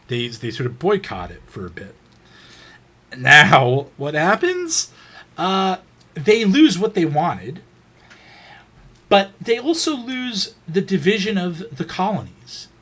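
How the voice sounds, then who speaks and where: A man's voice: on the high side, pushed and bright, breathy edge. A man giving a casual, unscripted history lecture, rambling with frequent fillers and restarts.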